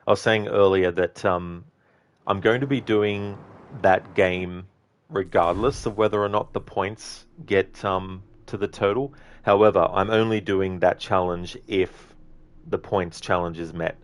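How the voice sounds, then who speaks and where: A man with a deep, low-pitched voice talks through a live gameplay stream. He chats easily with viewers, reads their messages and thanks them, often pausing on an um or correcting himself partway through a sentence. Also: steady tone. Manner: frequent ums and self-corrections. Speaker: livestreamer. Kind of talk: casual live game-stream commentary.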